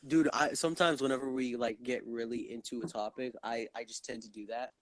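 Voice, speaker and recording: A man hosting a podcast in loud, rambling, stuttery casual chat, swearing often. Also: mid-range voice, steady tone, a little fast, dry recording. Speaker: podcast host.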